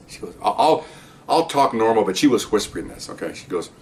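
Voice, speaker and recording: An older man with a lowish voice rattles through a story from his years as a police officer. He talks fast and rambles, with restarts and "okay?" asides to the listener. He sits a bit back from the microphone, with a faint hiss behind him. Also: lively intonation, darkish tone. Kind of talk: casual spoken storytelling. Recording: distant mic with faint background hiss.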